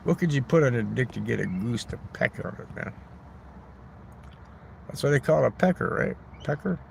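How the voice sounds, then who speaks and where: A man's voice: mid-range voice, expressive, normal speed, gravelly, a little mellow, a little hiss or hum. A man hosting a rambling, crude, joking livestream outdoors in a neighborhood park, talking into his phone. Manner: rambling, crude joking, talks back to chat. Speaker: livestream host. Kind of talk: rambling casual livestream chat.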